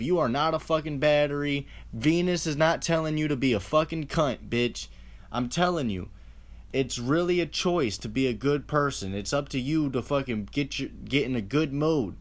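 A man with a slightly higher-than-usual voice rants straight at the listener in a loose, profane monologue. He keeps restarting his sentences and firing off rhetorical questions as he goes. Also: moderate pace. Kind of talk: casual ranting monologue.

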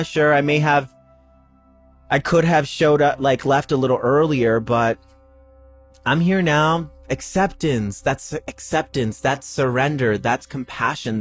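Emphatic man giving spiritual pep talk. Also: medium pitch. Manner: repetitive, emphatic, swears freely. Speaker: spiritual podcast host.

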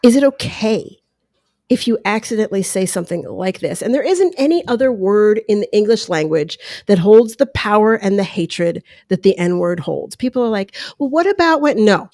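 A woman's voice: mid-range voice, animated, moderate pace, mellow, no echo, clean studio sound. A woman hosting a podcast at home, talking through her opinions in a casual, conversational way with asides. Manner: conversational, talks through ideas with asides and quoted voices. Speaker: podcast host. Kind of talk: casual solo commentary. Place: room at home. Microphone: headphones and close mic at home. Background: dog lapping water.

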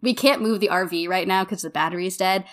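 A young woman co-hosting a podcast, chatting casually and telling an animated story, acting out quotes and saying "like" a lot. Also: on the low side, brisk. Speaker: podcast co-host. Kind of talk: casual chat.

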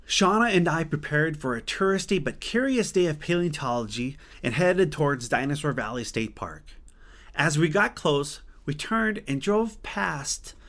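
A man from Montana tells a personal story, his voice sitting a little higher than most men's. He talks in an earnest, conversational way and often restarts a word to correct himself. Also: fairly bright tone.

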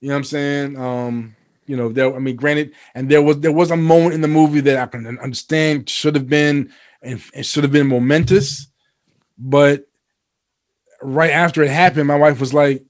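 A man co-hosting a casual podcast chat, rambling with many fillers and restarts, and getting animated and profane when worked up. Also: a little high, normal speed. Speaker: podcast co-host.

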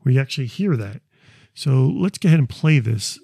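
Gravelly, dark-voiced man talking casually. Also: medium pitch, expressive, normal speed, no room sound, studio quality. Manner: rambling, repeats words, restarts often. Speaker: paranormal investigator presenting recordings. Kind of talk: casual explanatory talk.

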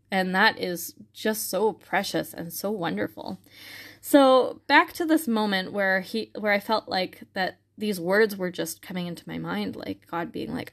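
A woman's voice: mid-range voice, vocal fry, a bit bright. A young woman telling a personal faith story in a casual, earnest way, with many fillers and restarts. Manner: earnest and reflective.

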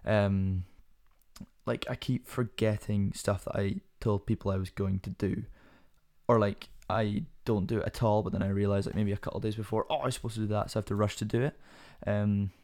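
A man's voice: fairly low pitch, level tone, normal speed, darkish tone. A young man hosting a casual solo podcast, rambling and self-deprecating with many fillers and restarts, his voice sometimes cracking. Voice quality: voice cracks at times. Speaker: podcast host.

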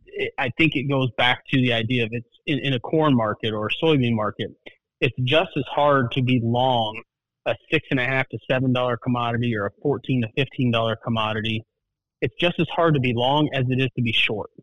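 A man who is a market analyst guest, speaking in a plainspoken, measured way with folksy turns of phrase. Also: medium pitch, a bit bright, no room sound, dull audio. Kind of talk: casual market talk.

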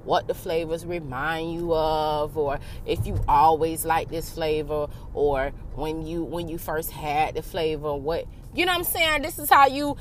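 A woman's voice: on the low side, a little hiss or hum. A woman vlogging self-help advice in a casual, frank and profane way, acting out both sides of a talk with herself. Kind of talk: casual motivational monologue.

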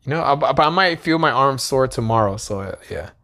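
A man's voice: medium pitch, lively intonation, fairly quick, pushed and bright. Male podcast co-host, casual, crude humor, lots of swearing. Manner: crude, joking, swears a lot. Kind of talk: casual chat.

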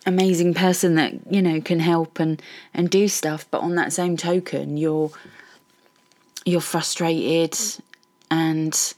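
A middle-aged woman speaks in a low, grounded voice. She hosts her own podcast in a loose personal monologue, candid and a little rambling. Her frustration comes through plainly. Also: a little mellow. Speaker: podcast host.

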